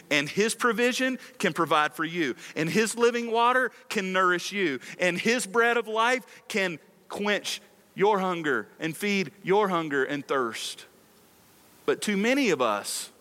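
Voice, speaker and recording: A man's voice: on the high side, bright, forceful tone. A male pastor preaching a sermon on a microphone in a large church hall, with passionate delivery and lots of rhetorical repetition.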